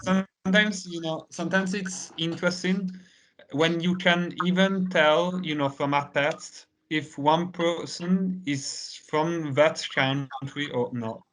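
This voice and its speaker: A man whose first language is Italian, teaching an English lesson in a relaxed conversational way with lots of fillers. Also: on the high side, a little hiss or hum. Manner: unhurried, many "you know" fillers.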